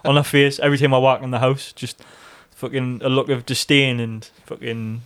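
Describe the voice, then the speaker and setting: A man's voice: mid-range voice, flat delivery, moderate pace, fairly bright tone, slight background noise. A man with a North East English accent, co-hosting a podcast in casual banter, swearing freely and joking around. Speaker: podcast co-host.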